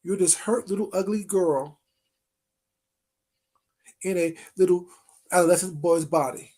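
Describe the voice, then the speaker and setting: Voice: mid-range voice, a little slow, dark tone. A vlogger delivering a confrontational call-out rant, taunting and sarcastic, drawling pet names and firing off pointed rhetorical questions.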